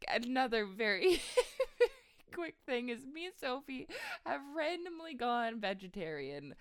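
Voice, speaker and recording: A young woman co-hosting a podcast, chatting in a relaxed, casual way. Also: on the high side, measured pace, clean tone, no room sound, studio quality. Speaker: podcast co-host. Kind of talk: casual chat.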